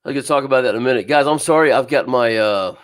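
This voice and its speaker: Fast-talking and medium-pitched, a man runs a live fishing stream, speaking to camera through a streaming setup. His chat is casual, he calls out viewers by name, and he laughs a lot, now and then wheezing.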